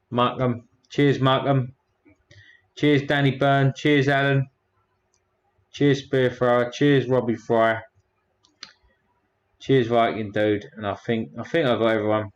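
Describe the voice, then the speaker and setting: A man's voice: medium pitch, unhurried, pauses often, highs cut off. A man hosting a casual livestream, rambling and a bit crude as he thanks his chat one by one. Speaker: livestream host.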